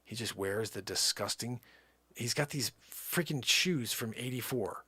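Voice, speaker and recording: A middle-aged man making a comedic prank phone call, rambling and exasperated, swinging between low mutters and loud outbursts. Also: measured pace, breathy edge, no room sound. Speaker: prank caller.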